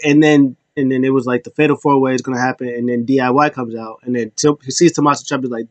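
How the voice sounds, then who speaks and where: A man's voice: mid-range voice, steady tone, fast talker, hardly any pauses, no echo, muffled recording. A man casually recapping a wrestling show, rambling with restarts and small chuckles.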